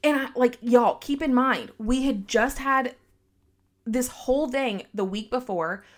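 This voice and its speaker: A woman telling a story on a casual podcast, animated and quoting others in her own voice. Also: on the high side, unhurried. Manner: animated, heavy use of "like", quotes people in her own voice.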